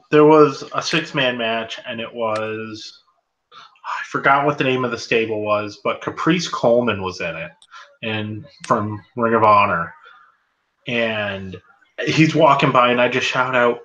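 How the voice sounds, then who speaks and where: Bright-voiced man chatting on a podcast. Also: medium pitch, a little slow, slight background noise. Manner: chatty storyteller, sighs often. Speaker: podcast co-host. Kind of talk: casual chat reacting to a wrestling show. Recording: muffled lo-fi audio.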